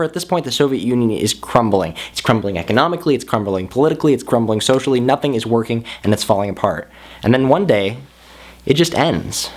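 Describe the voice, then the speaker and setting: A man explaining history to camera in a casual, jokey way, with big swings in pitch for emphasis. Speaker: history vlogger.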